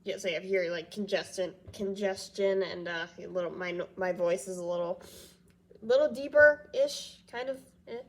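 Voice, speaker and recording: A woman's voice: mid-range voice, moderate pace. A woman talking casually in a fan reaction vlog, congested and a bit nasal, rambling with lots of fillers and frequent giggles. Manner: rambling, with frequent fillers and loops back on itself; giggles often between thoughts. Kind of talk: casual chat reacting to TV news.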